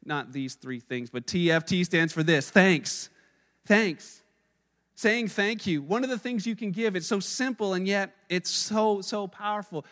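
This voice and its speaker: A high-pitched male pastor preaching with a loose, conversational storytelling manner. His voice rings out with a long reverb, as if recorded in a large church hall. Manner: conversational storytelling, animated with asides. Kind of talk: sermon.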